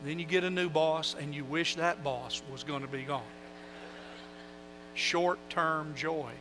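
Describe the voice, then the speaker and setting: A male pastor preaching an animated sermon, calling out to the congregation for responses and then dropping to soft, close asides. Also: fairly high pitch, unhurried, over music, poor audio.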